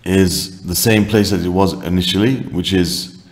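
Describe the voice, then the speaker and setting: A man working through a maths problem aloud as a teacher, thinking out loud with frequent okays and self-corrections. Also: low voice, normal speed, roomy sound. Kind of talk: worked-example maths tutorial.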